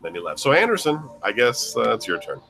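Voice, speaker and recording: A man's voice: medium pitch, big pitch swings, brisk, gravelly, sharp tone. A man hosting a casual podcast chat, wryly wrapping up his own story and passing the turn to the others. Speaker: podcast host.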